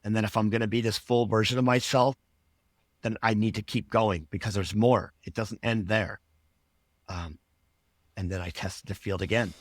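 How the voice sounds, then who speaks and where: Male coach guest, low voice, earnest rambling storyteller, dry mic. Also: fairly even intonation, normal speed, dry recording. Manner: earnest, rambling, acts out his own past remarks. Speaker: podcast guest, life coach. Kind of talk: personal storytelling in an interview.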